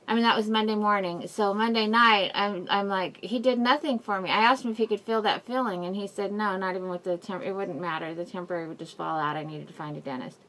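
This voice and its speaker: A woman's voice: medium pitch, steady tone, quick pace, hardly any pauses, fairly bright tone. A woman vlogging a personal update, rambling and apologetic, in pain and near tears. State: in mouth pain, crying at times. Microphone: camera mic, wearing a face mask.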